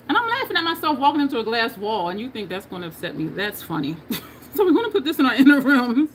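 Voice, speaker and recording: A woman's voice: a little high, very animated, quick pace, a little hiss or hum. A woman from New Jersey with a New Jersey and New York accent, chatting casually with viewers while doing her makeup on a livestream and laughing often.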